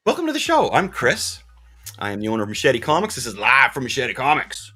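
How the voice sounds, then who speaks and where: An excitable man chats on his live stream from a comic shop, and his pitch bounces all over as he jokes and bursts into loud greetings. His voice sits in a middle register. Faint music plays behind him. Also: fast talker. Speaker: podcast host and comic shop owner. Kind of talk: casual live-stream chat.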